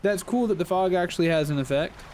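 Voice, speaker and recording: A man giving animated let's-play commentary, reading game text aloud and exclaiming as he plays. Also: high voice, fast talker, a little hiss or hum. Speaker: gaming channel host. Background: game music.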